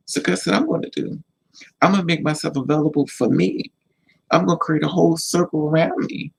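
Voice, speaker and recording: In a casual advice monologue to camera, a man vlogs about life, driving his points home through repetition with emphatic, preachy, sermon-like insistence. His gravelly, slightly husky voice sits fairly high for a man, and he speaks briskly on a low-quality recording.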